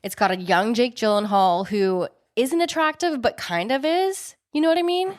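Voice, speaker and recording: A woman's voice: on the high side, moderate pace. A woman co-hosting a podcast, chatting casually with a playful tone and crude jokes. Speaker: podcast co-host. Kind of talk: casual chat.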